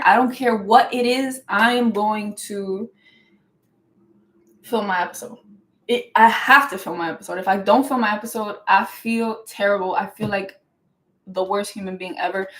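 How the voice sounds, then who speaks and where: A young woman hosts her own show and tells a personal story in a casual, rambling monologue. She is emphatic and animated and talks quickly. Her speech is loose, full of "like" fillers and restarts. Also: mid-range voice, poor audio. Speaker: show host.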